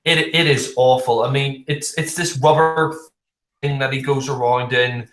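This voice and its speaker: A man's voice: mid-range voice, fairly even intonation, unhurried, fairly bright tone. A man gives a casual film review in a mid-range voice, rambling along with constant fillers and blunt, profane put-downs. His voice rings with the echo of a roomy space.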